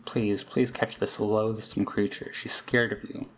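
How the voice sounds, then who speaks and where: A man reading aloud the lines of a frantic young girl who says her demonic double is hunting her, in a rushed, pleading way. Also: on the low side, little pitch movement, slight background noise. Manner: pleading, rushed, half-hysterical. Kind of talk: reading game dialogue aloud.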